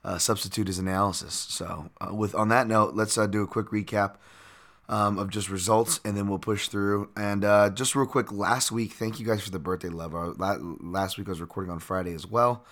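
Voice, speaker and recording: A man hosting his own podcast with a raspy voice, rambling casually with fillers and self-corrections. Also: fairly low pitch, fairly even intonation, moderate pace, a bit bright. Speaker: podcast host.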